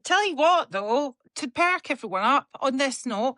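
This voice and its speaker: A woman co-hosting a podcast in casual chat, talking openly and telling stories with lively swearing. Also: sits high, moderate pace, no echo, clean studio sound. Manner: chatty, swearing, animated storytelling. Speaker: podcast co-host. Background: talking while tending a dog.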